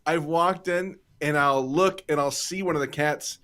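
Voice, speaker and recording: A man with a somewhat raised pitch chats over a video call. He tells stories playfully and animatedly, laughing easily as he goes. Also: unhurried, bright, forceful tone. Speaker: improv teacher and guest. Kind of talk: casual group video chat.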